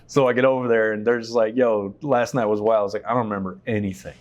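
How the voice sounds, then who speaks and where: On a stage inside a shop, a man being interviewed shares personal stories in a candid, casual way, cursing freely and slipping into the voices of those he quotes. His fairly low voice stays steady in tone, and he talks fast with hardly any pauses.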